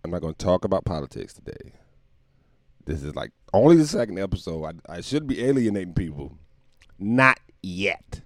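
A man's voice: low-pitched, big pitch swings, moderate pace, dry recording, studio quality. A man hosting a comedic solo podcast, rambling, profane and self-mocking, often laughing at his own jokes. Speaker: podcast host.

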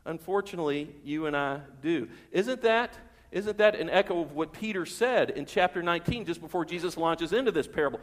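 High-voiced male preacher in a reverberant church. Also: lively intonation, brisk. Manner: rhetorical questions to the congregation; emphatic preaching, repeating key words. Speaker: pastor. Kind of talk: sermon. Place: church sanctuary.

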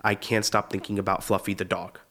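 A man's voice: low voice, flat delivery, brisk, a bit bright. A young man, a comedian hosting his own show, telling funny personal stories in a loose, slangy way and often laughing as he goes. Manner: casual, slangy, says "dude" often. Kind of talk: comedic storytelling monologue.

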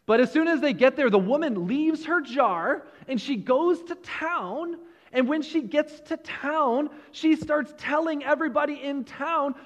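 A male preacher giving a sermon to a room of listeners, retelling a story in an animated way, with frequent restarts. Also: extremely high pitch, measured pace, big-room sound, highs cut off. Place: large room with an audience.

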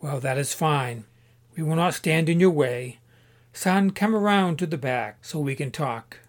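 A man voicing a kindly middle-aged father in a storybook, speaking calmly and plainly. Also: on the high side, measured pace, close to an everyday voice.

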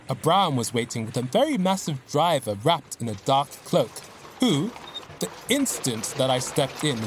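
A man narrating a classic story as an audiobook, with steady, expressive storytelling. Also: medium pitch, slight background noise.

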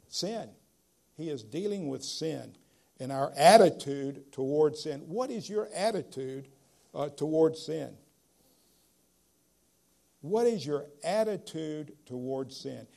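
A man preaching a sermon, emphatic, slowing down to stress key phrases, with frequent "uh" fillers. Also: on the high side, gravelly, dark tone.

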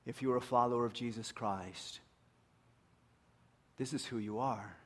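A man preaching a sermon as pastor to his congregation. He speaks earnestly and often drops to a hushed voice for emphasis. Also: medium pitch, normal speed.

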